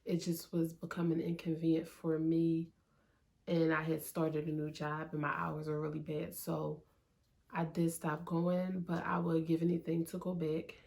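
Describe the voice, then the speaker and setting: A woman's voice: low-pitched, monotone, moderate pace, vocal fry, a little mellow. A young woman, vlogging candidly about her own life in a conversational way, with many "like"s and "um"s. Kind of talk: candid personal vlog talk. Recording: faint music underneath.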